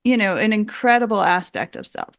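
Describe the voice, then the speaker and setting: A woman's voice: mid-range voice, a little fast, smooth, no room sound. A woman hosting a podcast interview, asking thoughtful questions and affirming her guest. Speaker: podcast host. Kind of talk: interview conversation.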